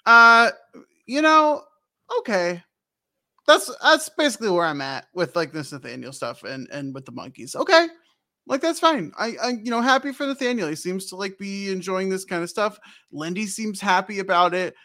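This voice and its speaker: Male co-host, high bright voice, wry and hesitant. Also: big pitch swings, moderate pace. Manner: wry, hesitant, many fillers. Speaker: podcast co-host. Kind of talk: casual podcast discussion. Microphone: remote call mic.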